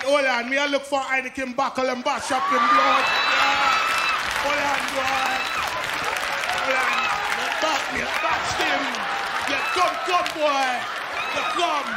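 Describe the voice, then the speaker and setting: A rowdy Jamaican fighter, as a comedian puts him on, barking taunts in a thick Jamaican accent. The voice sits high and strained. A noisy club audience roars around him. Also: male voice, little pitch movement, slow, pauses often. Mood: taunting. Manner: shouting, taunting challenges. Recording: live club with loud crowd and noise.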